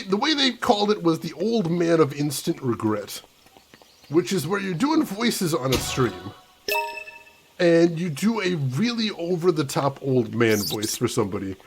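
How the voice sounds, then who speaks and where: Chatty man streaming a game. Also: a little high. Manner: chatty, chatting with chat, laughing often. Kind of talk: casual live-stream commentary.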